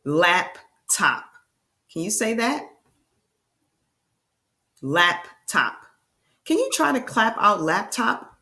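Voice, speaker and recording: A woman teacher giving a reading lesson to young children, with slow, enthusiastic, sing-song prompts. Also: fairly high pitch, big pitch swings, gravelly, pushed and bright.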